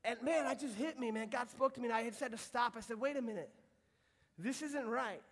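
Young male youth pastor, very high voice, earnest casual sermon, long hall reverb. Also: a little fast, fairly bright tone. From United States. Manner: casual, earnest, frequent restarts. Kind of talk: sermon to teenagers.

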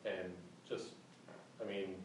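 A man's voice: deep voice, level tone. Hesitant man, far off in an echoey room. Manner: hesitant, halting, many restarts. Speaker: class member. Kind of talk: personal story in a class discussion. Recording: distant mic in an echoey room, faint noise.

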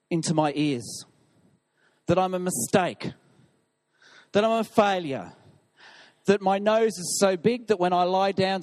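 A man's voice: sits high, a little mellow. A male pastor preaching an impassioned sermon, reading scripture with emphasis.

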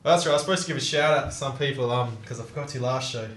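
A young man hosts a loose, casual podcast chat. He gets excitable, swears freely and often breaks into laughter. His mid-pitched voice rings out in a roomy, echoing space. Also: very fast, slight background noise. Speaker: podcast host. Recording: roomy echo.

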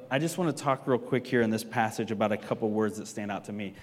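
A man teaching a sermon in a casual, conversational way, often checking in with the listeners with quick tag questions. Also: lowish voice, big-room sound. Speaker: pastor teaching a Bible class. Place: stage in a large hall.

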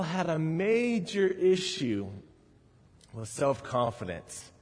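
Husky-voiced preacher, conversational. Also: male voice, on the high side, animated, takes it slowly, darkish tone, big-room sound. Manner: conversational, storytelling, with frequent asides. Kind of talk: sermon.

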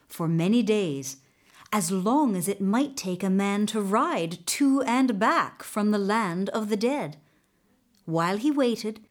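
A woman telling a folktale aloud in a measured, expressive way. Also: mid-range voice. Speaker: storyteller.

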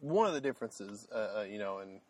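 A man's voice: lowish voice, lively intonation, fairly quick, a little mellow, husky. A man co-hosting a podcast in casual chat, rambling with fillers and restarts. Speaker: podcast co-host.

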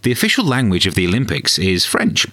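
A man's voice: sits low, fairly quick, no room sound. A man hosting a comedy podcast, delivering a sarcastic scripted monologue. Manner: deadpan, sarcastic.

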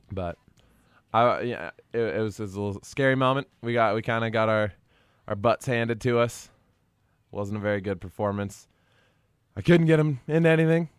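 A man's voice: fairly low pitch, normal speed, pauses often, clear, resonant tone, no echo. A young man co-hosting a casual sports podcast, rambling about coaching middle school basketball. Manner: rambling, animated when quoting kids.

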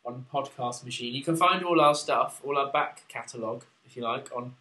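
A man's voice: mid-range voice, fairly quick, sharp tone, reverberant. A man from England co-hosting a casual podcast, chatty and giggly as he plugs the show from a small room at a studio microphone. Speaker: podcast co-host. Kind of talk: casual chat.

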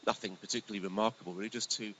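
Storytelling pastor with a conversational sermon. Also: male voice, lowish voice, racing, low-quality recording. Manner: conversational, animated, often drops to a hushed voice. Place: church hall. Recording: faint hiss.

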